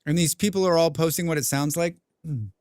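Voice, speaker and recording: A young man streaming a game, chatting casually with his viewers, rambling and clearing his throat often. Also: fairly high pitch, fairly quick, a little mellow, dry recording, clean studio sound. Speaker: gaming livestreamer. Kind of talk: casual livestream chat while playing.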